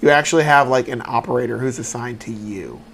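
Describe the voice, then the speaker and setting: A man's voice: medium pitch, a little fast, gravelly, a bit bright, a little hiss or hum. A man with a stuffy nose, co-hosting a casual comedy podcast and rambling through questions with hesitant restarts. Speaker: co-host.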